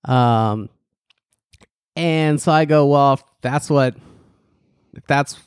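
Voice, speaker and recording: A man co-hosting a casual political podcast, ironic and animated, restarting sentences and mocking the people he quotes. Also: slow, clear, resonant tone, dry recording, clean studio sound. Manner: animated, ironic, restarts and leaps in pitch for emphasis. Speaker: podcast co-host.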